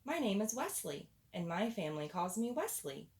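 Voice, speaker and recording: A woman voicing a sweet, gentle male bunny in a storybook reading, soft and lilting. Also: mid-range voice, very animated, normal speed.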